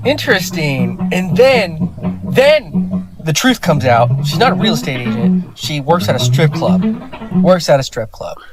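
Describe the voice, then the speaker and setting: A young man tells a story in an animated, casual way, his pitch swinging widely as he acts out the people in it. His voice sits a little high. A guitar plays loudly behind him. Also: unhurried. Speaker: guest storyteller on a live stream. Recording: loud guitar playing behind.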